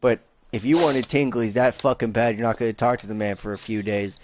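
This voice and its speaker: A man's voice: medium pitch, brisk, background noise. A young man co-hosting a podcast with his father, chatting casually and chiming in with joking, profane quips. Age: young adult. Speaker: podcast co-host, son.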